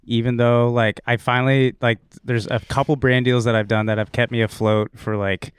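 A man's voice: mid-range voice, flat delivery, normal speed, smooth, no room sound. A man in his early thirties, co-hosting a podcast, rambling casually and swearing. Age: 30s. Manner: rambling, swearing, self-mocking. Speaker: podcast co-host. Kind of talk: casual chat.

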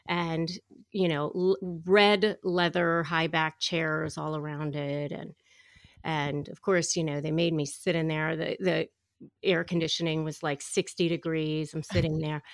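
Guesting on a podcast interview, this middle-aged woman, a divorce attorney and negotiator, recounts a story animatedly in a fairly low, creaky voice. The sound is clean studio quality, free of echo.

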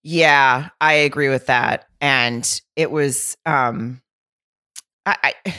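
A woman's voice: a bass voice, fairly even intonation, slow pace, bright, forceful tone. A woman co-hosting a casual chat podcast, rambling and restarting as she retells scenes. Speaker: podcast co-host.

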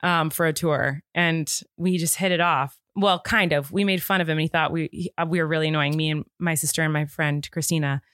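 A woman's voice: sits low, steady tone, fairly quick, hardly any pauses, a bit bright, no echo, clean studio sound. Giggly American woman hosting a podcast. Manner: playful, giggly, teasing. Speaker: podcast host. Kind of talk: casual podcast chat.

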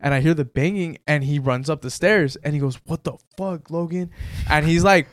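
A young man with a fairly high voice tells a story in an animated way, swearing freely. The sound is dry and close, with no room echo. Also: brisk. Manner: animated storytelling full of profanity. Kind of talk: casual chat.

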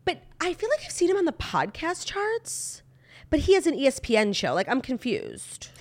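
A woman co-hosting a podcast, chatting about celebrity gossip in an animated, opinionated way and saying "like" a lot. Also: sits high, moderate pace. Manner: opinionated, animated, heavy use of "like". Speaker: podcast co-host. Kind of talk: casual celebrity gossip chat.

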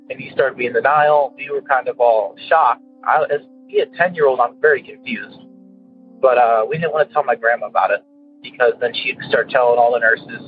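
A man's voice: mid-range voice, a little fast. A man from Illinois calling into a radio show, telling a story in a rambling way full of "uh" and "anyways". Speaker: caller. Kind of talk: casual storytelling. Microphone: telephone. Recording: tinny phone line with faint music.

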